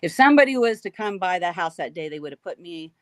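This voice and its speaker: A woman guest recounting a frightening encounter in an animated, emphatic way, repeating key phrases. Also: lowish voice, quick pace, dry recording. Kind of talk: emotional storytelling.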